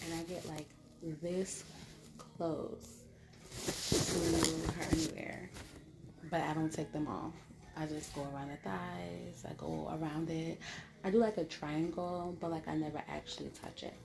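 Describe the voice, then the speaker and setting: Woman vlogger, deep-ish voice with lots of fry, spilling a blunt, graphic story casually. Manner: blunt, profane and graphic, talking straight to viewers.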